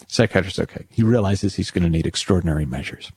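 A man's voice: deep voice, fast talker, few pauses, slightly rough, no room sound. A man giving a storytelling talk about worry, acting out jokes with little voices. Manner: tells jokes with acted voices, animated. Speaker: speaker on worry and thinking.

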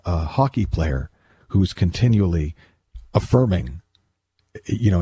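A man with a low, gravelly voice talks through his ideas in a loose, conversational monologue. His tone is dark and husky. He restarts his sentences often and slips into little acted-out lines of self-talk. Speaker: speaker on mindset. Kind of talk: reflective monologue.

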